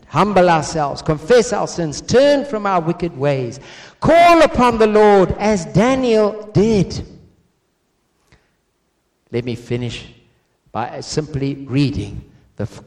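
A man's voice: fairly high pitch, lively intonation, darkish tone. A man preaching a sermon, emphatic, building with repeated phrases and rising stress. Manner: emphatic, repetitive cadence, rising to stress points; slow and measured when reading prayer.

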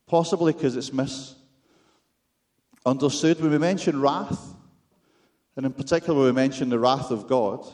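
A man's voice: medium pitch, unhurried, long pauses, a little mellow. A man with a Scottish accent preaching a sermon, with wry, self-deprecating humor and rhetorical questions to the congregation.

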